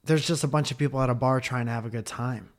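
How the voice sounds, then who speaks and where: A young comic who co-hosts a podcast tells stories in loose conversation, teasing, swearing, and full of energy. He talks fast in a mid-range voice.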